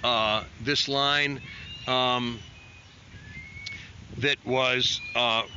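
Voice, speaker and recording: Extremely slowly and in a steady mid-range voice, a male musician relates a casual, rambling studio anecdote. He is self-deprecating and acts out the quotes of the people in it. Faint noise sits under the dull, lo-fi audio.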